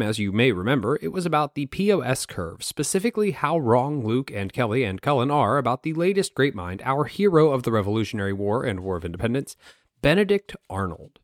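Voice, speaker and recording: A man's voice: medium pitch, big pitch swings, fast talker, no echo, clean studio sound. A man hosting a history podcast on his own, wry and self-mocking and swearing freely. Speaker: podcast host. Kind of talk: solo history podcast monologue.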